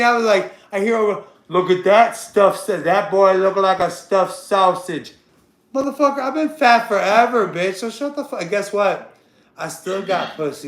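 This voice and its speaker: A man in his thirties hosting a livestream, ranting crudely and confrontationally at a chatter, loud and excitable and repeating himself. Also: sits high. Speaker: livestream host. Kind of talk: unscripted livestream rant. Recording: roomy echo.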